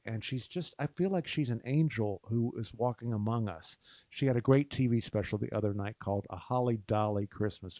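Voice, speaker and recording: A man from Texas hosting his own show, chatting casually between songs in an effusive, gushing way with lots of soft hesitations. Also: mid-range voice, dry recording. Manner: soft-spoken with frequent hesitations. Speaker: show host and singer.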